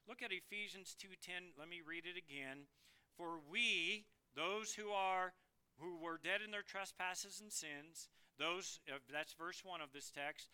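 A man preaching a sermon as pastor, emphatic and building to loud, forceful passages. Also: sits high, clean tone. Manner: emphatic, rising to loud bursts.

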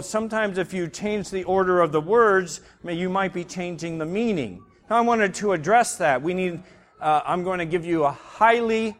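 A man's voice: sits high, big-room sound. A man teaching a church Bible class, explaining casually with many fillers and restarts.

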